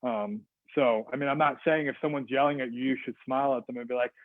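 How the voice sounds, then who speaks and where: A man's voice: mid-range voice, steady tone, quick pace, no room sound. A man giving a customer service talk over a video call, casual and rambling with fillers and restarts. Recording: dry, phone-like video call audio.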